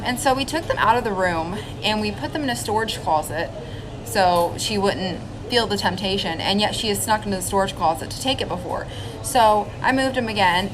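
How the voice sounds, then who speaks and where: A woman's voice: mid-range voice, low-quality recording. A woman who works at a spa, complaining indignantly about a customer. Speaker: spa worker. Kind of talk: casual storytime to camera. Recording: clear background noise.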